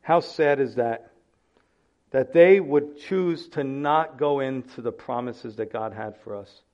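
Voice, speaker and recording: A man's voice: mid-range voice, takes it slowly, a little mellow, muffled recording. A man preaching a sermon as pastor, earnest, acting out the people in the text.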